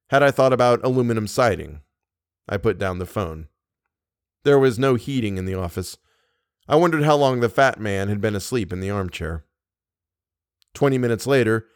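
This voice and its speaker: A man reading a short story aloud as the narrator, in a steady, deadpan way. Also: fairly low pitch, dry recording, clean studio sound. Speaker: podcast narrator.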